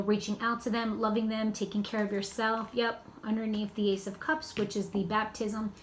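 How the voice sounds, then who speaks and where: A woman's voice: mid-range voice, darkish tone. A woman giving a casual, rambling tarot card reading in a loose, spiritual way. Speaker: tarot reader. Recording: echoey room with faint background noise.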